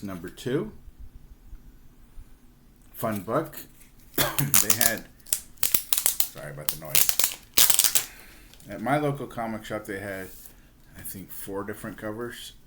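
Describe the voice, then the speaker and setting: A man's voice: fairly low pitch, a bit bright, a little hiss or hum. A middle-aged man chatting casually, rambling with lots of fillers and restarts as he shows off his purchases. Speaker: comic book collector. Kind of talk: casual show-and-tell vlog.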